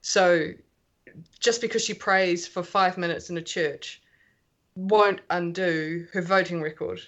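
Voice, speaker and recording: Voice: medium pitch, fairly even intonation, takes it slowly, a bit bright, dull audio. Hesitant podcast speaker with many fillers. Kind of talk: casual podcast chat.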